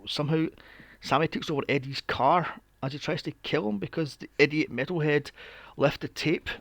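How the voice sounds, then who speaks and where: A man's voice: on the high side, normal speed, gravelly, fairly bright tone, dry recording. A young man recapping a film on a podcast, sarcastic and swearing freely with mocking asides. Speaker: podcast co-host. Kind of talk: casual movie recap chat.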